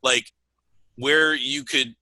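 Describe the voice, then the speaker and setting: Male guest, former comic; bright, sharp voice, swears freely, straight talker. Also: mid-range voice, drawn-out words, dry recording, poor audio. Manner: blunt, profane, animated. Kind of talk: casual chat.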